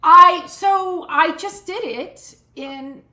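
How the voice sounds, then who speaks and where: A woman in her sixties, a guest telling funny stories with animated, laughing energy. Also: very high voice, drawn-out words. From United States, Cuban community. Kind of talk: casual interview chat. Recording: roomy echo.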